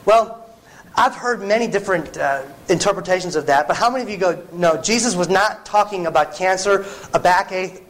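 A man with a high voice preaches a sermon to a congregation. He talks earnestly and conversationally, restarting phrases and dropping in asides as he goes. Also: brisk, fairly bright tone, poor audio.

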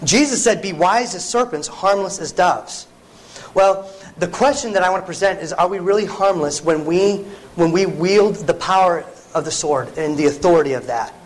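A man's voice: high voice, normal speed, rough recording. A man preaching a sermon in an earnest, conversational way, often restarting phrases and adding asides to the congregation.

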